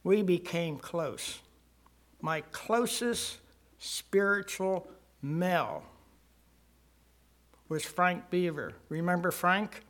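Slow, earnest older man testifying. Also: sits high, fairly bright tone. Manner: slow, earnest storytelling with swells of emphasis. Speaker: church member giving testimony. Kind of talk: personal testimony in church.

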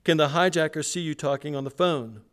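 A preacher reading a calm woman phone operator. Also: fairly high pitch, a little fast, pitched above the performer's own voice, close to an everyday voice. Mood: questioning. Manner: steady, questioning, raised read-aloud delivery.

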